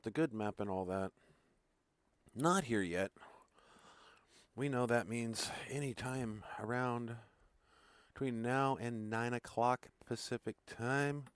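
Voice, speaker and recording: A man's voice: medium pitch, no room sound. A man live-streaming a farming game, chatting casually in a rambling, crude joking way.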